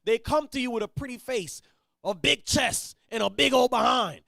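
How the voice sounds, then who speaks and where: A man with a very high voice teaches from scripture in a blunt, street-style way. He drops to quiet asides, then rises to loud declarations. The sound is dry and close, with no room echo. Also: normal speed, vocal fry. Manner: blunt, preachy, swings from mutters to shouts. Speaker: teacher leading a Bible reading.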